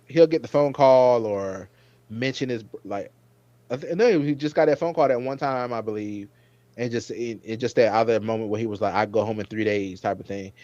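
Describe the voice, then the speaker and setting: A man hosting a casual review chat, rambling and getting animated when he recalls his own reactions. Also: mid-range voice, a little fast, no echo, muffled recording. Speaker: podcast host.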